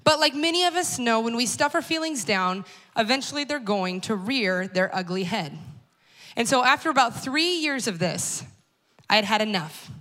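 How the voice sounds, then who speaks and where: A woman's voice: a little high, lively intonation, normal speed, bright, forceful tone. A woman in her thirties giving a personal storytelling talk, conversational and wry, speaking straight to the audience. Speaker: speaker at a church talk series.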